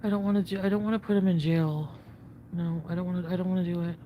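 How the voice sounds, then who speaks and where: A woman's voice: lowish voice, fairly even intonation, quick pace, narrow, tinny audio. Young woman rambling on stream, says stuff over and over, swears a lot, bit of faint hiss. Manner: rambling, repetitive, swears freely. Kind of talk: livestream chat.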